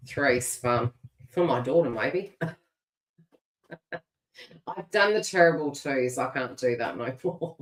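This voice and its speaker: A middle-aged Australian woman giving a live tarot reading and chatting casually, laughing often and restarting her phrases. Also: extremely low pitch. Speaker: tarot reader. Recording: roomy echo.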